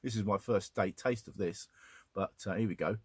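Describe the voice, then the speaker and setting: A man's voice: lowish voice, moderate pace, slight background noise. A man, chatting casually and enthusiastically as he shows off his finds to the camera. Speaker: record collector vlogger. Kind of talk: casual chat.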